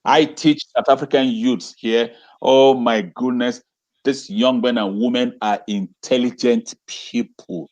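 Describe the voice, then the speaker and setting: A man's voice: mid-range voice, steady tone, measured pace, darkish tone, dull audio. A man speaking as an interview guest and educator on a video call, talking with passion, repeating phrases and asking rhetorical questions. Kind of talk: impassioned talk on a video call.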